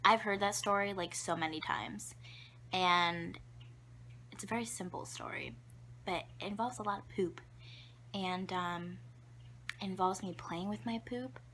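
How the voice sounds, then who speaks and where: Young woman vlogger, bright tone, giggly and rambling, a faint hum behind her. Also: mid-range voice. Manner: chatty, giggly, lots of fillers; drops to a whisper for asides. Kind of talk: casual storytelling to camera.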